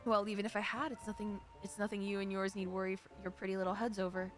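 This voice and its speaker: A woman voicing a cocky, smooth-talking male rogue in a put-on British accent, reading game dialogue on stream. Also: medium pitch, flat delivery, fast talker, faint music behind, pitched below the performer's own voice, natural voice. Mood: roguish. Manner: jaunty, slangy, reading game dialogue aloud.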